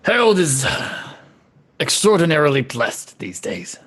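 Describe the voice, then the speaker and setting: A player voicing a pompous, self-important older male adventurer who speaks grandly about himself in a slightly husky voice. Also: mid-range voice, very animated, measured pace.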